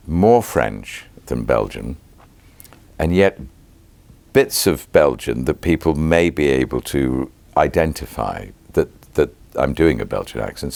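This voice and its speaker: A British actor in his sixties answering interview questions in a measured, reflective way, pausing with ums and restarting phrases. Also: rumbling low, creaky, darkish tone, no room sound. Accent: British English. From Britain.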